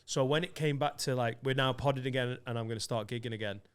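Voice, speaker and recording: A middle-aged man, a guest comedian in a casual podcast chat, telling stories with plenty of swearing and quick asides. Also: medium pitch, clear, resonant tone.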